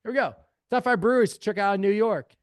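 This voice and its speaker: A man's voice: high voice, fast talker, no echo. A man leading a live screen-share workshop, talking energetically and calling his audience family. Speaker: real estate AI trainer.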